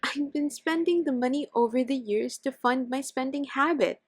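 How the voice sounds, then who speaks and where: A woman's voice: high-pitched, normal speed, breathy edge, no echo, studio quality, pitched above the performer's own voice. A woman voicing a remorseful wife in a scripted text-story reading, pleading and apologetic.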